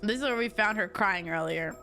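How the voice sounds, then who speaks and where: A woman's voice: medium pitch, fairly quick, bright, forceful tone, faint music behind. A woman streamer chatting casually while playing a story game, giggly and talking to her chat.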